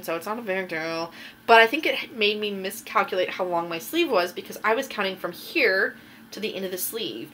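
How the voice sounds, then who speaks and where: A woman's voice: medium pitch, pushed and bright, a little hiss or hum. A woman hosting a knitting podcast, chatting casually and rambling a little with plenty of ums as she shows her finished projects. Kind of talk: casual show-and-tell chat.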